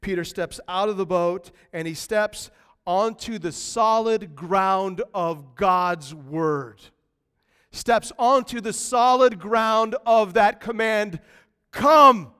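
A man preaching a lively, conversational sermon in a church, swinging from quiet asides to loud bursts. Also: high-pitched, slow pace, clean tone. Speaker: pastor. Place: church sanctuary. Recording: long reverb of a large hall.

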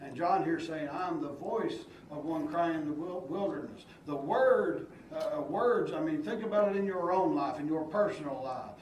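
A man's voice: on the high side, moderate pace, hardly any pauses, darkish tone. A man teaching Sunday school who reads scripture aloud and then explains it plainly, often restarting his sentences. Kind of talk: expository Bible teaching. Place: church room. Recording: echoey church room from far off, faint hiss.

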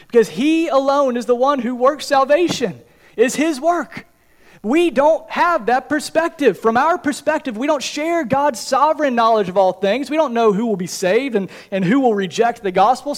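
A pastor preaching a sermon in church, earnest and pleading, repeating his questions to the congregation. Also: very high-pitched.

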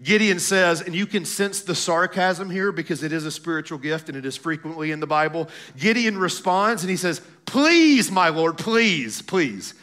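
A man preaching a sermon as pastor, reading scripture slowly and calling out to his congregation. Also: fairly high pitch, sharp tone.

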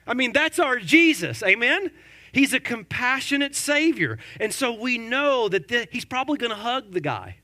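A man preaching with a high, ringing voice that rises sharply when he makes a point. He works the congregation with rhetorical questions and playful asides. The tone is that of a lively sermon, not a lecture. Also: moderate pace. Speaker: pastor.

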